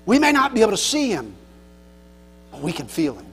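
A man pastor preaching a sermon earnestly, swinging between loud emphasis and soft, low passages. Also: huge pitch swings, brisk, slightly rough. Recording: long hall reverb with mains hum.

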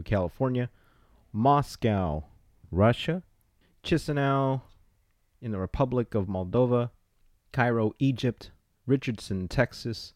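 A man with a lowish voice hosts a podcast in a loose, casual way, hyping his listeners and joking around as he reads shout-outs. The sound is dry and close, with no room echo. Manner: hyped, playful, riffs on names. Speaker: podcast host.

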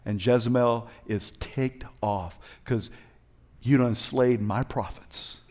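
A male preacher giving a passionate sermon, calling out to his congregation and swinging between loud exhortation and quiet, hushed moments. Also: mid-range voice, steady tone, takes it slowly. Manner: passionate, call-and-response, swings from shouts to hushed.

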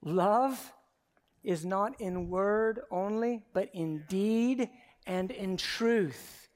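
A man preaching a sermon from the pulpit, moving between hushed, personal storytelling and loud, emphatic exhortation. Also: sits high, drawn-out words. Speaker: pastor.

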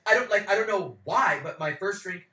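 A man's voice: high-pitched, sing-song, a little slow, sharp tone, recorded from a distance. A man co-hosting a podcast in casual chat, chatty and laughing often. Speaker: podcast co-host. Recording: echoey room, a bit off the mic.

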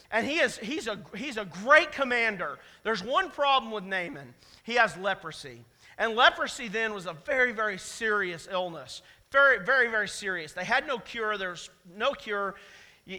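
A pastor preaching in a church, his high, bright voice carried by long sanctuary reverb. He talks in a conversational way but hits his points hard, repeating the key lines for emphasis. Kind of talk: sermon.

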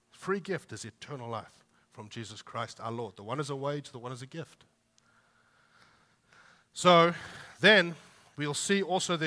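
Bright-voiced man preaching in a hall. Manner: emphatic preaching, rising on read scripture and dropping low for asides. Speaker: pastor. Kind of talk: sermon. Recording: long reverb of a large hall.

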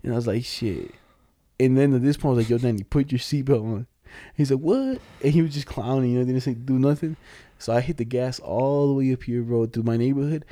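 A man's voice: medium pitch, fairly even intonation, fast, hardly any pauses, dark tone, no echo, studio quality. A young man chatting casually and telling stories in slang, acting out what people said. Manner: slangy storytelling, acts out quotes. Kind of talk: casual chat.

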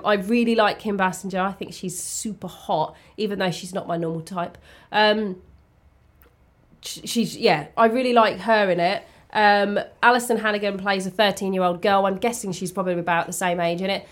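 A woman's voice: medium pitch, fairly even intonation, normal speed. A woman with an ordinary mid-range voice, co-hosting a casual podcast. She rambles in an easygoing way, with many ums and restarts. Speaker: podcast co-host. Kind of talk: casual chat. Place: warm indoor room.

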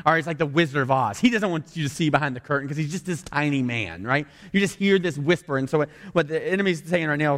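A male pastor preaching a sermon in a conversational way, often mimicking sarcastic voices to make his point. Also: medium pitch. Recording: long hall reverb.

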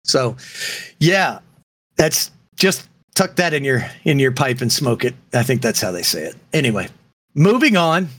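Jokey man with a lively voice. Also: medium pitch, normal speed, no echo. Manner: jokey, laughs often. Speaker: podcast co-host. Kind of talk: casual chat.

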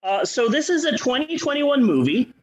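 A man with a rather high voice riffs sarcastically on a bad movie, cursing freely. His pitch jumps all over the place as he tells the story. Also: moderate pace, a loud crowd, rough recording. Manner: profane, sarcastic, animated storytelling. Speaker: podcast co-host. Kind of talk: casual comedic movie-review podcast chat.

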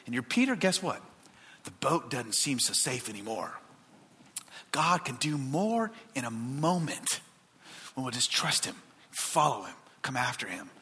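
A male pastor delivering a sermon to his church, swinging from loud emphatic lines to hushed, quiet asides. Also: slightly rough, long reverb tail. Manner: animated preaching with wide pitch swings and hushed asides.

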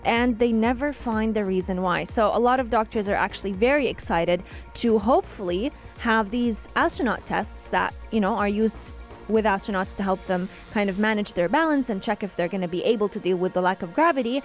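A woman's voice: mid-range voice, brisk. Radio cohost lady walking through the news, chatty, bit of music playing under. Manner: explains news conversationally. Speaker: radio show co-host. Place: radio studio. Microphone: studio microphone.

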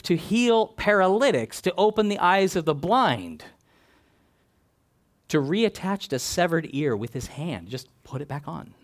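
A man preaching an expository sermon, reading scripture and building emphatic, animated lists. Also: on the high side.

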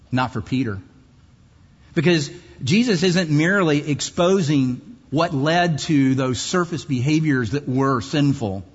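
Slow, emphatic preacher in a hall. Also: male voice, slightly rough. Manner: emphatic preaching with dramatic pitch swings and slow pauses. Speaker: pastor. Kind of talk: sermon. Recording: muffled hall recording.

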